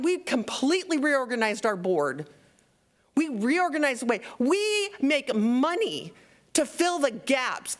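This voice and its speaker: A woman giving an angry, impassioned public comment at a school board meeting, upset and shaking as she scolds the trustees. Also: a little high. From outside Texas. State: shaking with anger.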